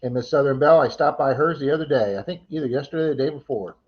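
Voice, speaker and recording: Racing along in a mid-range voice, a livestream host chats casually, reads comments, thanks viewers by name and laughs easily. The recording sounds muffled.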